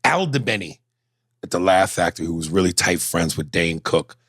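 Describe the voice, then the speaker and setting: A lively man chatting on a podcast, low-pitched in his everyday talk but prone to leaping up into high impression voices. He sounds close and dry, with no room around him. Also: moderate pace, slightly rough, no room sound. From United States. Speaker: podcast co-host. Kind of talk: casual podcast banter.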